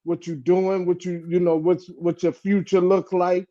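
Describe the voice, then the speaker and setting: A man's voice: high voice, flat delivery, a little slow, dark tone. Hesitant man on dull lo-fi audio. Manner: hesitant, full of "you know, um". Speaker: podcast co-host. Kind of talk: casual chat.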